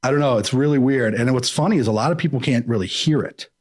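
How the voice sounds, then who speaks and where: A man's voice: mid-range voice, fast talker, breathy edge. A man hosting a casual chat, rambling and jokey, who slips into impressions.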